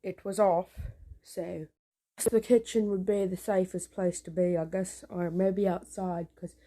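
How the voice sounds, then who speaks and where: A young woman vlogging on a handheld phone at home at night, talking in a nervous, hushed, rambling way with casual swearing. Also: on the low side, steady tone, measured pace. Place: small home indoors at night.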